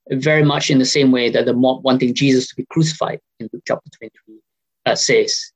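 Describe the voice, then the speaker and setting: A man's voice: medium pitch, steady tone, brisk, slightly rough, poor audio. A man preaching a sermon over a video call, earnest and questioning, with frequent filler sounds.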